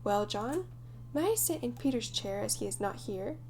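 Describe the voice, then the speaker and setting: A woman's voice: a little high, animated, normal speed, darkish tone, slight background noise. Grumbling young boy, read by a woman, raised voice for a storybook.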